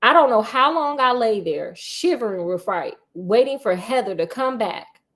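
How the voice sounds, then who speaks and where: A woman's voice: on the high side, normal speed. Sassy woman reading a spooky book. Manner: sassy, animated, laughing asides. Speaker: storyteller reading a book aloud. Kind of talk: book reading with comedic asides.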